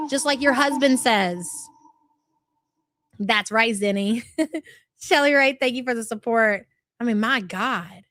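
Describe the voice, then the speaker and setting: A woman's voice: a little high, unhurried, long pauses, fairly bright tone, dry recording, studio quality. A woman in her thirties with a light American country twang, hosting a livestream and reading out viewer chats in a brash, profane, sarcastic way. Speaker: livestream host.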